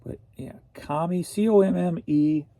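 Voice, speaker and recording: A man's voice: sits high, a little slow, gravelly, warm tone, no room sound. A man from St. Louis, Missouri, a reseller vlogger chatting casually in a rambling, jokey way. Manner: rambling and jokey, laughs often. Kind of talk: casual chat.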